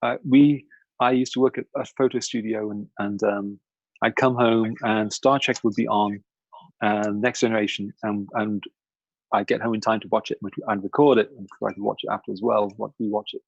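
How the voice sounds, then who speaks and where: A man's voice: lowish voice, level tone, normal speed, creaky, no room sound, highs cut off. Chatty man who laughs a lot. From outside America, lived in Chicago. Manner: rambling, laughs often, many fillers. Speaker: podcast co-host. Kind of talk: casual chat.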